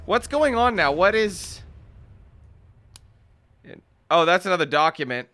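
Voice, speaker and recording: A young man with a high, bright voice commentates on his gameplay, swearing and shouting at the screen. His pitch swings widely between frustration and excitement. Game music hums faintly behind him. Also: brisk. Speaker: let's play gamer.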